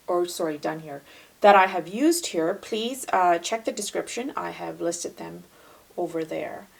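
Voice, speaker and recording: A woman teaching a watercolour painting tutorial in a casual, chatty way, talking softly as she paints and sometimes dropping to a near-whisper. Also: mid-range voice, rough recording. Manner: chatty and relaxed, with fillers and self-corrections.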